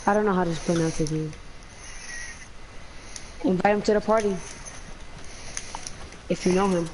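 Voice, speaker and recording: A man's voice: high voice, moderate pace, slight background noise, poor audio. A young man chatting casually with a teammate over game voice chat, asking short questions and cheering him on. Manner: relaxed, short questions and encouragement.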